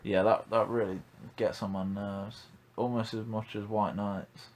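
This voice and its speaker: A man's voice: fairly low pitch, flat delivery, measured pace, a little hiss or hum. Blunt young man ranting. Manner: blunt, ranting, swears freely. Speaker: podcast host. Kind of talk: casual podcast chat.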